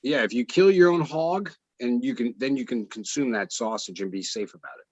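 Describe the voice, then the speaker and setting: A man's voice: medium pitch, fairly quick, no room sound, poor audio. A man in casual chat, joking and bantering animatedly.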